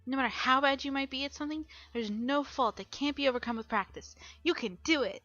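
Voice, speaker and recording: An earnest young heroine, voiced by a woman who speaks upbeat and encouraging in a slightly high, bright voice. The sound is dry and muffled, with faint music behind her. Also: fast.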